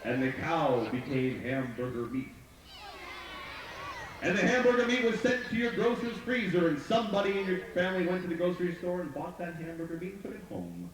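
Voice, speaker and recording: A man with a high-pitched voice, speaking a little fast, spins a story for a live crowd at an outdoor park stage. He energetically gets them chanting back and making sound cues. The audio is echoey, captured from far off amid crowd noise.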